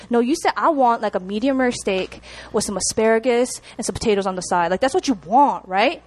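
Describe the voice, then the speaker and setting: A young woman preaching a sermon to a congregation, chatty and animated, often checking in with the room. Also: a little high, a little fast, hardly any pauses. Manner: animated, chatty, laughs at herself, asks the room to respond.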